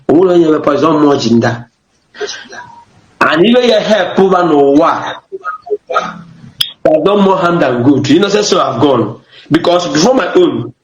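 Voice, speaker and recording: A man with a Nigerian accent giving a rambling testimony, switching between languages mid-sentence. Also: a little high. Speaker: interviewee in a news clip. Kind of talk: emotional testimony in Nigerian Pidgin and Igbo. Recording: echoey, dull lo-fi clip.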